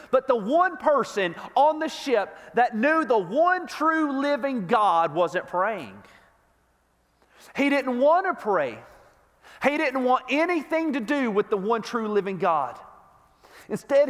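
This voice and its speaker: A man's voice: very high voice, expressive, unhurried. A man preaching a sermon as a pastor, telling the story with emphasis and stumbling over repeated restarts. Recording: long reverb of a large hall.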